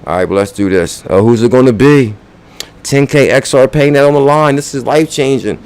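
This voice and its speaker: Smooth-voiced casual male crypto host. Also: medium pitch, fairly quick, darkish tone. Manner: loose, chatty, reads viewer names and counts aloud. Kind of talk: casual livestream chat.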